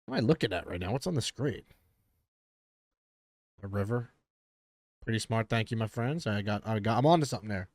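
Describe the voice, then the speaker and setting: A man's voice: fairly low pitch, animated, brisk, pauses often, darkish tone, no room sound, clean studio sound. A man streaming a reaction to a TV episode, joking and riffing casually as he talks to his chat.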